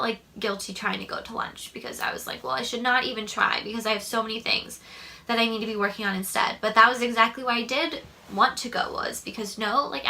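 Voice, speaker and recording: A woman's voice: on the high side, creaky, bright, forceful tone, slight background noise. A young woman telling a personal story in a rambling vlog monologue at home, full of fillers. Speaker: vlogger.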